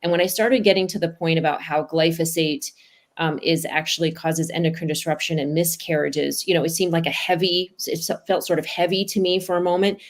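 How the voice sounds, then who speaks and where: A woman's voice: low-pitched, fairly even intonation, fairly quick. Earnest woman podcast host. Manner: earnest, storytelling. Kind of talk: podcast wrap-up and personal story.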